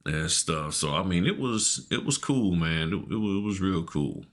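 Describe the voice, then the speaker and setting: A man's voice: sits low, animated, normal speed. A middle-aged man, a podcast co-host, telling stories in a laid-back, slangy way and laughing often. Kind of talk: casual storytelling chat.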